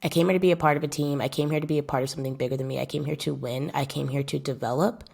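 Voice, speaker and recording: A young woman with a low voice and a gravelly, fry-laced edge tells a casual vlog story. She talks straight to her viewers in a chatty way and drives points home by repeating phrases. She speaks as a footballer describing her own career. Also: fairly even intonation, rapid-fire, darkish tone. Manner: emphatic, repeats phrases for effect; addresses viewers directly and chattily.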